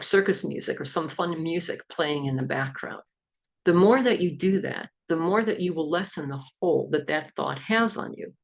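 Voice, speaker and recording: A woman's voice: low voice, vocal fry. A middle-aged woman, an executive coach and hypnotherapist, explaining self-help techniques in an easygoing talk.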